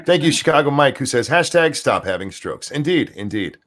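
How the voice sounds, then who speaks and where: A man's voice: medium pitch, sing-song, a little fast, fairly bright tone. A man co-hosting a livestream in casual chat, reading out and thanking viewers' donations. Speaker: co-host.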